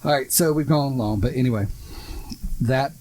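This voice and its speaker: A man's voice: mid-range voice, normal speed, darkish tone, rough recording. Blunt sarcastic podcast guy. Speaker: podcast co-host. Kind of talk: casual podcast chat.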